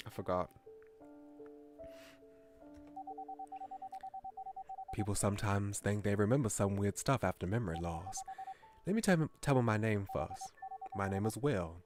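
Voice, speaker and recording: A man's voice: lowish voice, animated, fairly quick, music in the background, pitched below the performer's own voice, natural voice. A man voicing a haughty male dog god who talks down to everyone, reading visual novel lines. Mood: dismissive. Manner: lordly, dismissive, bossy.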